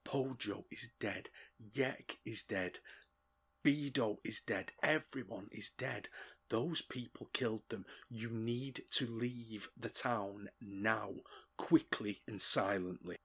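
A man voicing a sneaky male adventurer who hushes goblins in an urgent whisper, as whispered role-play. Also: on the low side, slow, slightly rough, heavily acted. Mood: hushed urgent.

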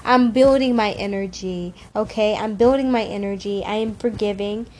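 A woman's voice: medium pitch, moderate pace, a little mellow. A woman talking to her followers in a casual, heartfelt monologue that rambles, breaks off mid-sentence and keeps repeating affirmations. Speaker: spiritual vlogger.

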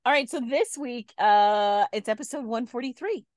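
A woman co-hosts a podcast, chatting casually as she tells a story and laughs readily. Her voice sits fairly high with a darkish tone, moves at a normal speed, and carries no room sound.

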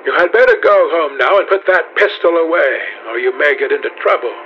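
A man voicing a frightened young gentleman in a dramatized storybook reading, his lines gasped and stammering. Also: a little high, expressive, fairly quick, muffled recording, soft background music, lightly acted. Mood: stern. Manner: gasping, stammering, then stern. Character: young man, panicked then coolly triumphant.

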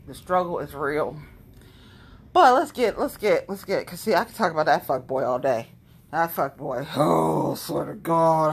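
A woman hosting a casual home podcast, with a husky voice. Her pitch swings widely as she talks. She is blunt and loosely rambling. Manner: blunt and heavily profane. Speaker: podcast host. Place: at home, standing on a balance board.

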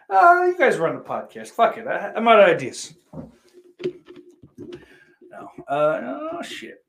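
Guy on a podcast stream reading chat, swears constantly, really animated voice, goes loud then mumbly. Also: high voice, slow pace, pauses often. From Irish heritage. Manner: profane, sarcastic, with big swings in loudness. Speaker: livestream podcast host. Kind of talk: casual chat reading viewer comments.

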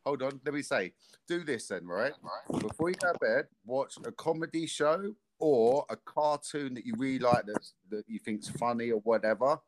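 Man co-host, animated, rambling banter. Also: mid-range voice, moderate pace. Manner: rambling, animated storytelling with restarts. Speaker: podcast co-host. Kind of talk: casual chat.

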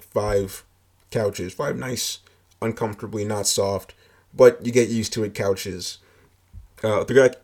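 A man's voice: on the low side, a little mellow. A man telling a personal story in a casual, rambling way, full of filler words and swearing.

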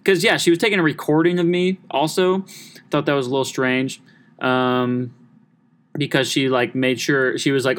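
A man's voice: a little high, fast talker. A young man hosting his own podcast, chatting casually and rambling through a story with many restarts. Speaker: podcast host. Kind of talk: casual solo podcast chat.

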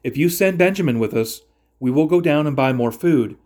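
A man's voice: a little high, lively intonation, a little fast, darkish tone, natural voice. Man reading grown brother, persuasive, promises responsibility. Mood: firm. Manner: urgent, persuasive. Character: earnest grown brother, pleading and urgent.

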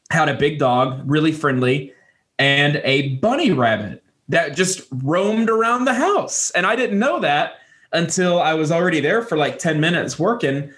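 A young man co-hosting a podcast, telling a casual story and jumping into squeaky voices for animals. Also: a bit bright. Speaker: podcast co-host.

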